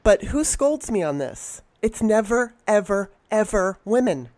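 A woman's voice: mid-range voice, very animated, measured pace, dark tone. A woman co-hosting a podcast, talking bluntly and heatedly and swearing freely in casual chat. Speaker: podcast co-host.

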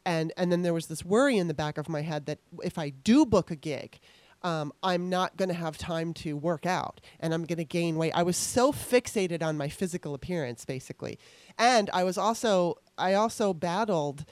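A woman's voice: on the low side, moderate pace, darkish tone, no echo. Earnest, rambling woman hosting an interview. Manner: earnest, rambling, many restarts. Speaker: podcast host. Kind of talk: casual conversational interview.

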